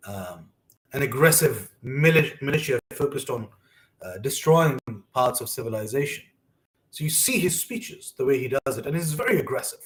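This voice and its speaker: A man's voice: mid-range voice, roomy sound, low-quality recording. A young man hosting a personal monologue, telling earnest, emotional stories about his upbringing. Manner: earnest, emotional storytelling with quoted asides. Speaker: host.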